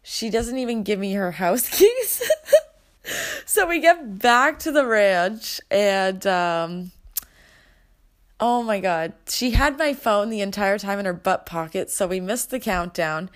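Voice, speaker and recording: A woman's voice: mid-range voice, lively intonation, takes it slowly. Chatty young woman telling a story. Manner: chatty, lots of "like" and swearing, dramatic retelling. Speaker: podcast host. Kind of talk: casual storytelling chat.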